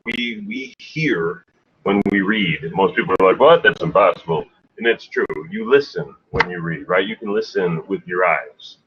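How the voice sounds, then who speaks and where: A man's voice: sits low, moderate pace, a little hiss or hum. A man co-hosting a sales talk show, chatting casually and emphatically, often adding a rhetorical question. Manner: emphatic, rhetorical "right?" asides. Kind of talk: casual conversational chat. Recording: dull lo-fi sound.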